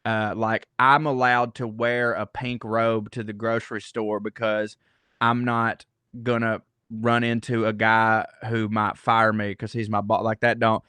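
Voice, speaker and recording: A man's voice: lowish voice, level tone, a little slow, sharp tone, smooth, no room sound. Rambling profane man in his thirties. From Georgia, USA. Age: 30s. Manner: rambling, profane, self-deprecating, many restarts. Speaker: guest comedian. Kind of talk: casual podcast conversation.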